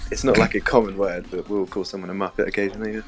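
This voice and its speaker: Deep-voiced British man chatting. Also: flat delivery, fast talker, music in the background. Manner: easygoing, explains slang patiently. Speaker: stream guest. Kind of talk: casual voice-chat banter.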